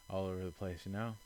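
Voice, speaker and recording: A young man giving casual let's-play commentary, exasperated and self-mocking, swinging between quiet mutters and loud outbursts. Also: low-pitched, slight background noise. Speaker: gaming channel host.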